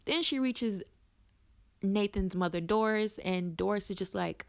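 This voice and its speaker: A woman from from there, recapping a reality show in a sassy, animated, gossipy way. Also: medium pitch, measured pace, vocal fry. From North Carolina. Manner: sassy, animated storytelling with exclamations.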